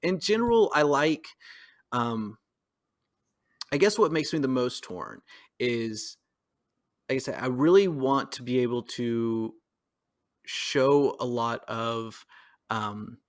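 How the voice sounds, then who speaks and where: A man's voice: medium pitch, expressive, slow, pauses often. Rambling, hesitant podcast co-host man. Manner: rambling, hesitant, laughs often. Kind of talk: casual political discussion.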